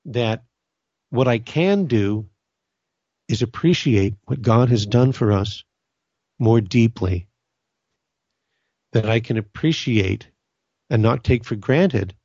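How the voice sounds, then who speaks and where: A middle-aged man from Southern California, host of a Catholic podcast, gives a casual, earnest spiritual talk with many restarts. His medium-pitched voice is expressive, slow, darkish and slightly rough, pausing often, recorded with no room sound and cut-off highs.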